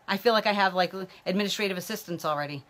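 A woman's voice: medium pitch, fairly quick, fairly bright tone. A woman psychic medium giving live-streamed readings, chatting loosely and calling out viewers by name. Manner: talks while a baby tugs at her hair.

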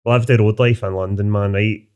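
A Scottish man telling sweary, animated anecdotes in casual interview chat, dropping "man" into nearly every sentence. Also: fairly low pitch, normal speed. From Scotland. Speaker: author guest.

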